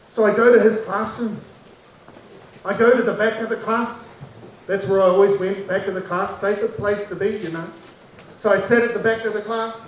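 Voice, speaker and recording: Comedian, male, New Zealand accent, high voice, lively storyteller, echoey hall, heard from some distance. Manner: animated, acts out voices of people in his story. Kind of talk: stand-up storytelling. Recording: echoey distant stage recording with faint noise.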